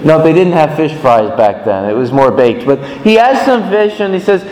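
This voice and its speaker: Animated male preacher in an echoey church. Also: normal speed, hardly any pauses. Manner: animated storytelling with big pitch swings. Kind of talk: sermon.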